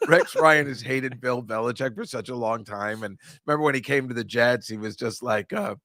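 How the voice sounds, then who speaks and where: Guy hosting a podcast, bright voice, rambles and laughs a lot, dry sound. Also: medium pitch, brisk, no echo. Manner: rambling, laughing, animated storytelling. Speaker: podcast host. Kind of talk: casual chat.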